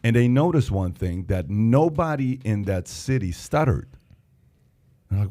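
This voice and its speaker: A man from Iran hosting a podcast, telling an animated story and acting out its dialogue. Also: fairly low pitch, normal speed, long pauses. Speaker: podcast host. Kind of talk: podcast discussion.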